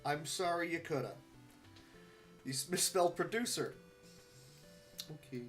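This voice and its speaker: A man's voice: a little high, measured pace, a bit bright, faint music behind. A man speedrunning a game live, giving muttered, wry running commentary to himself.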